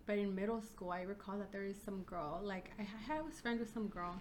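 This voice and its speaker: A woman's voice: mid-range voice, a little fast, slight background noise. Chatty woman podcast co-host. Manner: chatty storyteller, fillers of "like", casual swearing. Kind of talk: casual chat.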